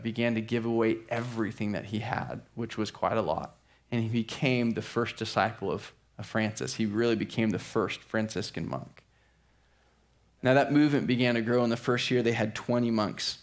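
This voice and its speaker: A man preaching a sermon as a pastor, telling a story with lively acted-out quotes. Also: mid-range voice, normal speed. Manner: animated storyteller acting out quotes.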